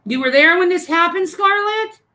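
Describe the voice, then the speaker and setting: A woman chatting on a livestream in a high voice. She rambles and swears casually as she greets viewers and tells stories. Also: expressive, moderate pace, sharp tone. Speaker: livestream co-host.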